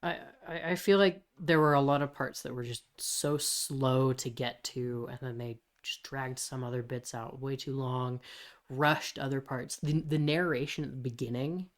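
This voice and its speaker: A man's voice: mid-range voice, fairly even intonation, moderate pace. A man co-hosting a podcast, chatting casually and easily, often answering with short agreements. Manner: easygoing, with short agreeing backchannels. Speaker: podcast co-host. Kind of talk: casual chat.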